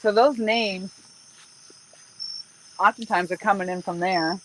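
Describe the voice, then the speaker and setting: A woman's voice: medium pitch, fairly even intonation, takes it slowly, a little hiss or hum, low-quality recording. A woman hosting a fishing livestream from a riverbank, chatting casually and rambling cheerfully. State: out of breath. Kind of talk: casual live-stream chat. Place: outdoors on a riverbank at dusk, crickets behind.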